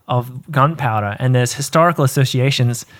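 A man's voice: mid-range voice, normal speed, a bit bright. Playful, joking podcast man. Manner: playful, absurd jokes, giggly. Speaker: podcast co-host. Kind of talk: casual tasting chat.

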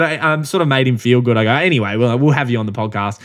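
A young adult man with an Australian accent co-hosting a casual chat, an animated storyteller who laughs often and acts out what others said. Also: medium pitch, quick pace. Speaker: podcast co-host.

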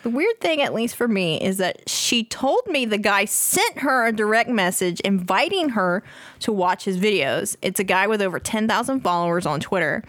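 Animated woman reading posts aloud. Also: mid-range voice, moderate pace, no room sound. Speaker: podcast co-host.

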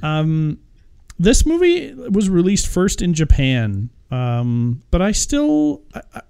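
A man riffing on a film he disliked, his voice mellow and darkish. He stammers through restarts, then launches into exaggerated mock quotes. Loose, swearing podcast banter. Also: sits high, slow pace, vocal fry, smooth. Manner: animated, mocks with put-on quotes, frequent hesitations. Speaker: podcast co-host reviewing a movie. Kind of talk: casual profane chat.

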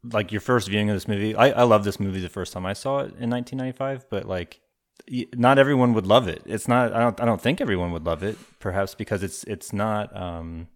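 A man's voice: on the low side, fast talker. A man co-hosting a casual movie podcast, thinking aloud with lots of fillers and restarts. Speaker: podcast co-host. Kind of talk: casual movie review chat.

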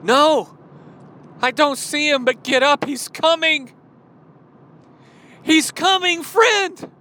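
A man's voice: very high voice, takes it slowly, pushed and bright, voice pushed up, full character voice. A male preacher voicing an eager young village woman urgently calling her friend to wake and get ready. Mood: urgent pleading. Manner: urgent, pleading calls. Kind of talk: sermon storytelling.

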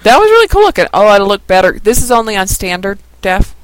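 A man's voice: high voice, big pitch swings, quick pace, clean tone, no echo, poor audio. Goofy man rambling on a podcast. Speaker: podcast co-host. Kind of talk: casual chat.

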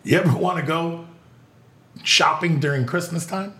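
A man telling a story in casual chat, animated and profane, acting out voices as he goes. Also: a little high, moderate pace, roomy sound. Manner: animated storyteller, acts out voices, swears freely. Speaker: podcast guest telling stories.

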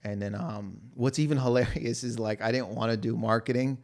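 A man chatting as a podcast guest, telling anecdotes in loose, profane talk full of fillers and acting out other people's lines in loud voices. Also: mid-range voice, brisk, vocal fry. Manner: animated storyteller who acts out quotes in loud voices. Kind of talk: casual chat, anecdotes.

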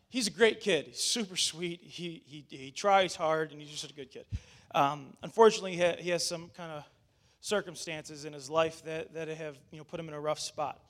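A male pastor with a fairly high, fairly bright voice tells a personal story during a casual sermon. He chats along with fillers and restarts, acting out what people said.

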